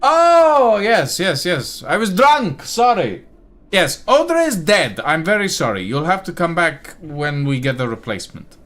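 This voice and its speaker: A man squeaking out a shrill, flustered palace official. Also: big pitch swings, a little slow, a bit bright, full character voice. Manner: frantic, apologetic, squeaky outbursts.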